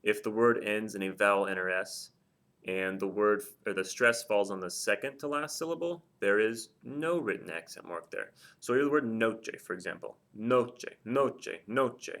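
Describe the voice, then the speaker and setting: Casual, lower-pitched male teacher. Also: moderate pace, fairly bright tone. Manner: casual, with frequent ums and repeated example words. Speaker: Spanish teacher. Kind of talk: classroom-style explanation at a board.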